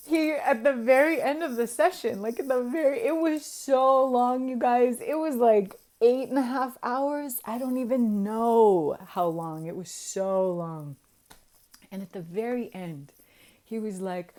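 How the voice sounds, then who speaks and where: A vlogger in her forties tells her viewers a story casually, animated and laughing often, dropping to a hush before getting loud. Her voice is medium-pitched and unhurried.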